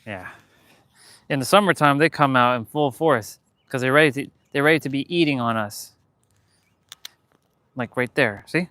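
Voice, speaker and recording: A man's voice: fairly high pitch, measured pace, pauses often, sharp tone, no echo. A man chatting casually in a summer park during his fitness vlog, laughing and shooing bugs away. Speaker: fitness vlogger. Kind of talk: casual outdoor vlog chat.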